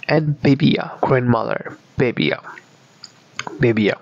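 A man's voice: mid-range voice, animated, slow pace, no room sound. A man from Georgia with a Georgian accent, teaching a beginner language lesson and patiently repeating each word many times. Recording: dull, dry lo-fi audio.

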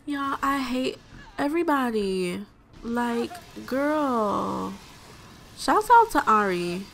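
A woman's voice: high-pitched, very animated, very slow, a bit bright. A young woman hosting a let's play, giving chatty, exclamatory gameplay commentary straight to her viewers.

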